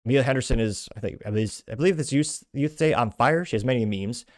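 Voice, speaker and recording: A man hosting a commentary show reads online posts aloud at a brisk clip. His delivery is emphatic and scornful, in a mid-range voice. The recording is close and dry, with no room sound. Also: medium pitch, no echo. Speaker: show host. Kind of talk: reading and commenting on social media posts.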